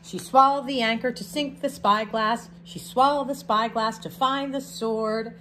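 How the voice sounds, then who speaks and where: A woman's voice: a little high, measured pace, slight background noise. Woman reading a picture book aloud. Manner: expressive read-aloud with chatty asides.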